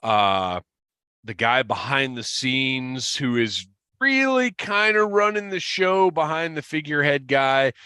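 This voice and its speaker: A man co-hosting a podcast in casual chat, animated and quick to exclaim. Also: medium pitch, clear, resonant tone, no echo, studio quality. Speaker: podcast co-host.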